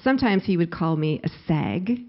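A woman's voice: fairly low pitch, sing-song, normal speed. A middle-aged woman preaching a sermon, acting out quoted laments with rising force. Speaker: pastor. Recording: slightly dull lo-fi recording.

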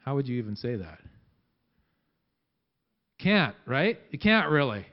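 Conversational pastor, lo-fi church sermon. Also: male voice, mid-range voice, very animated. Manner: conversational, halting with many restarts.

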